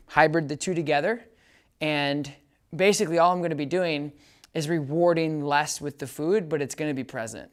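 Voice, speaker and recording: A man working as a dog trainer, giving a casual hands-on training demo. He talks in a chatty way, often checks that the listener understands, and gives bright, upbeat praise commands to the dog. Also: fairly high pitch.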